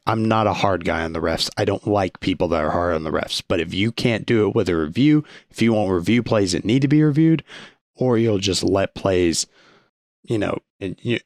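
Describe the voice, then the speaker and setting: A man's voice: low voice, dry recording, studio quality. A young man hosting a sports podcast, giving blunt opinionated commentary and stumbling over restarts when he gets heated.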